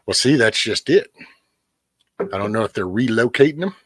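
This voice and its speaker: A middle-aged man hosts his own live stream, rambling along and greeting viewers by name. His voice is husky and sits low, and the sound is close and dry with no room echo. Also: animated, normal speed, fairly bright tone. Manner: rambling, talks to chat by name. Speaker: livestream host. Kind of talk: casual live-stream chat.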